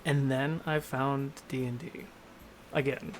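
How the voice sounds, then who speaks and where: A man's voice: medium pitch, little pitch movement, slow pace, slight background noise. A man in his thirties, a game master and show host, talking candidly in a rambling, self-deprecating way in a casual panel discussion.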